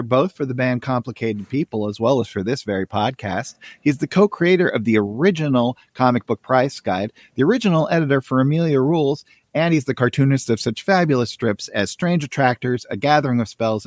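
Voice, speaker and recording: A man's voice: medium pitch, no echo, studio quality. A man hosting a podcast who welcomes listeners and reads comic strips aloud panel by panel in a friendly, casual way. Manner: friendly, welcoming, talks through each panel. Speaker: podcast host.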